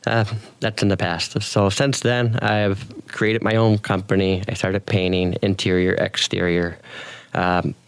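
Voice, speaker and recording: A man talking as a guest on a radio show, plain-spoken and relaxed about his painting work. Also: low-pitched, creaky, no echo. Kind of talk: casual radio interview.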